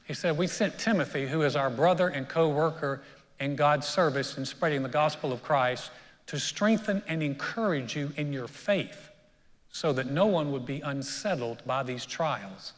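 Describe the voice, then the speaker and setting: Storytelling pastor in a reverberant church. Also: male voice, fairly high pitch, normal speed. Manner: storytelling preacher, builds to emphatic peaks. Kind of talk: sermon. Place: church sanctuary. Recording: long reverb of a church hall.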